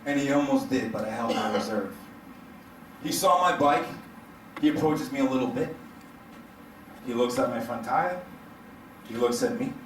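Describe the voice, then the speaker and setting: A man doing stand-up comedy to a live crowd, telling a story in an animated, profane way and laughing through his lines. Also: mid-range voice, moderate pace, long pauses, a little hiss or hum. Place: hotel event room stage. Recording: echoey room, mic heard from a distance.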